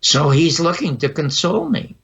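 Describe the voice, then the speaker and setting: A man's voice: a little high, sing-song, moderate pace, creaky, fairly bright tone, breathy edge. A man in his eighties, a podcast guest telling vivid personal anecdotes and acting out the dialogue. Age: 80s. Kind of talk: storytelling interview. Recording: dull lo-fi audio.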